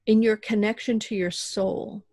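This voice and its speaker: A middle-aged woman chats as a podcast guest, slipping into little acted voices as she tells her stories. Her voice sits at a middle pitch and is heard close and dry, with no room sound. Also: measured pace, no room sound. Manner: animated storyteller who acts out voices. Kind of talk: casual podcast conversation.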